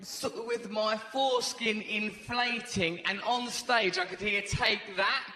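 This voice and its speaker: A man's voice: high-pitched, slow, slight background noise. A man telling a rambling stand-up comedy story on stage, throwing in "right?" all the time. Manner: rambling, animated, lots of "right?". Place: large theatre stage. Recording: echoey live theatre hall. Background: audience laughter.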